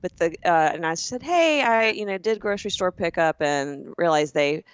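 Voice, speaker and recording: A woman from the southern United States co-hosting a casual podcast chat, telling stories with lively acted-out quotes. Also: on the low side, moderate pace, clear, resonant tone, no echo, muffled recording. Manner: animated storyteller who acts out quoted people. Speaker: podcast co-host.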